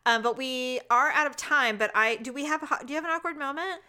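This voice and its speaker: A woman in her thirties co-hosting a casual chat show, telling an animated story and jumping into high voices when she quotes people. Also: fast talker, clean tone. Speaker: podcast co-host.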